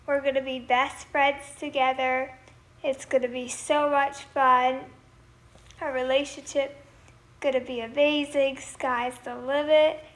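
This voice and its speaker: High-voiced young woman chatting slowly on a livestream. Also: flat delivery, fairly bright tone. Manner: chatty, reads viewer comments aloud and thanks them; breaks into singing lines from her song. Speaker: singer hosting a livestream. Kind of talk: casual livestream chat.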